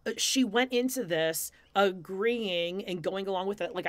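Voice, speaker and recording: A woman's voice: mid-range voice, a little slow, hardly any pauses. A woman co-hosting a podcast, chatting frankly and swearing freely. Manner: ends with show announcements. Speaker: podcast co-host. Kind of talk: casual chat.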